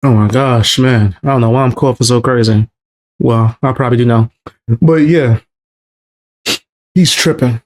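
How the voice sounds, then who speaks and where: A man's voice: medium pitch, moderate pace, long pauses. A man streaming a casual live reaction to a video, blunt and slangy, calling things crazy and out of pocket.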